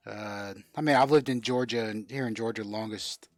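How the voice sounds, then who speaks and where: A man's voice: on the low side, fairly even intonation, normal speed, dry recording, clean studio sound. A man from South Florida hosting a casual live-stream card sale, chatting and answering viewer comments as he goes. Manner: chatty, reads out and answers viewer comments while selling cards.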